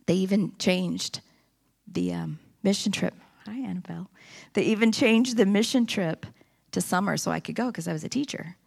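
A woman's voice: mid-range voice, moderate pace, gravelly, darkish tone. A woman giving an impassioned sermon testimony in a church, rising into emphatic preaching. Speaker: church speaker. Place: church sanctuary.

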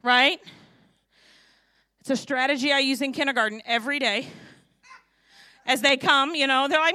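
A woman in her fifties from St. Louis preaching a sermon, lively and joking, often asking the crowd questions. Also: sits high, normal speed, pauses often, no echo. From St. Louis, USA. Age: 50s. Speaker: preacher and kindergarten teacher.

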